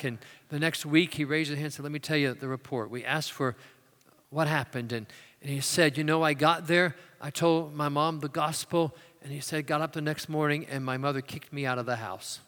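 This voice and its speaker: A man preaching a sermon, moving between loud emphatic declarations and quiet, hushed storytelling. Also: fairly high pitch. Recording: long hall reverb.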